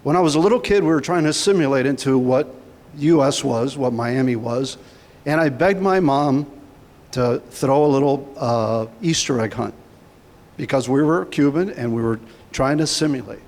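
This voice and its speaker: A man's voice: mid-range voice, moderate pace, darkish tone. A man giving a heartfelt campaign speech as a political candidate, telling a personal story. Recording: hall reverb.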